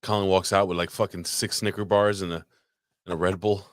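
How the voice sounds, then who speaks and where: A man's voice: sits low, level tone, a little fast, no echo, studio quality. A man co-hosting a podcast in casual chat, blunt, profane and joking. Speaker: podcast co-host.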